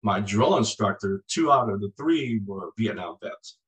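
Man in his 60s, lowish pitch, former Marine guest who narrates vividly and acts out voices. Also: a little slow, low-quality recording. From United States. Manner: animated storyteller, acts out voices in anecdotes. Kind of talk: conversational storytelling.

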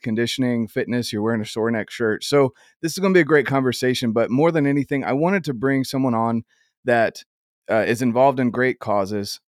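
Man, podcast host, upbeat, rambling, mid pitch, dry close sound. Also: no echo. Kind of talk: podcast intro and interview.

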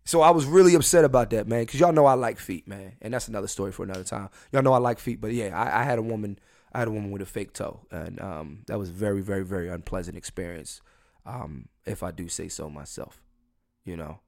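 A man's voice: lowish voice, quick pace, creaky, a little mellow. A young man hosting a solo podcast, talking in a crude, rambling, jokey way with lots of swearing and restarts. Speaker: podcast host.

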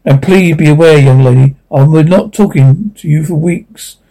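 Strict dad in a tv drama, firm and scolding, soft warm tone. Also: male voice, on the high side, normal speed, poor audio. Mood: stern scolding. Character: stern protective father, middle-aged man. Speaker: father. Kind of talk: TV drama acting.

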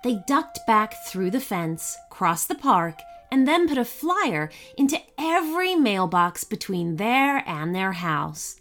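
A woman narrating a scripted children's story in an expressive, storytelling way. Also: mid-range voice, takes it slowly, few pauses, faint music behind.

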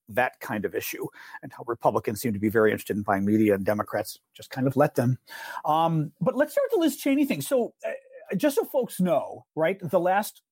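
A man's voice: medium pitch, a little mellow, dry recording, studio quality. A man hosting a casual political podcast, joking and rambling through asides. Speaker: podcast host.

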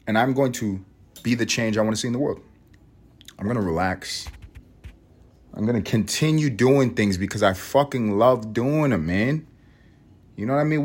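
A man hosting a solo podcast, ranting and rambling in a profane, animated way. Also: mid-range voice, moderate pace, long pauses, breathy edge. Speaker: podcast host.

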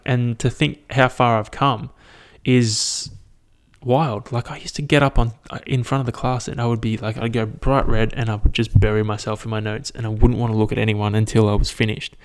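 A young man, hosting a podcast alone and chatting casually in a rambling, self-mocking way with plenty of swearing. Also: medium pitch. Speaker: podcast host. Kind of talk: casual solo podcast chat.

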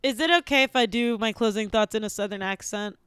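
A woman hosting a comedy podcast over a video call, chatting quickly and apologizing often. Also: fairly high pitch, fairly bright tone. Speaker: podcast host. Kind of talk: casual comedic chat.

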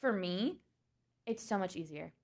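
Young female actor as guest, high pingy voice, easy agreeable casual talk. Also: expressive, darkish tone. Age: young adult. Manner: agreeable, quick to agree and laugh. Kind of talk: casual chat.

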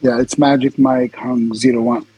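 A man's voice: mid-range voice, level tone, normal speed, dark tone, slightly rough, low-quality recording. A man from India, a guest on a podcast, out of breath and gushing with thanks. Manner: breathless and effusive. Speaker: guest content creator. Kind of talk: casual chat.

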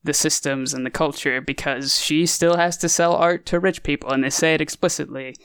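A man's voice: fairly high pitch, fairly even intonation, fairly quick, a bit bright, clean tone, no room sound, studio quality. A man casually discussing a movie on a podcast, rambling and hesitant with many fillers. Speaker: podcast co-host.

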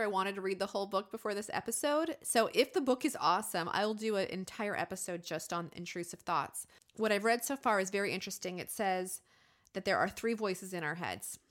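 A woman's voice: medium pitch, fairly quick. A woman in her thirties hosting a podcast, talking openly and animatedly about her own life and acting out her inner voices. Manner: open, animated, confessional storytelling with acted inner voices. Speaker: podcast host. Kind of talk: candid conversational podcast talk.

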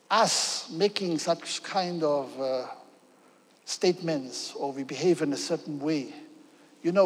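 A man preaches emphatically, with a fairly high voice. He keeps checking in with his listeners. The sound rings with a long hall reverb. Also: slightly rough. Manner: emphatic, often checks in with "okay?". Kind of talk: sermon.

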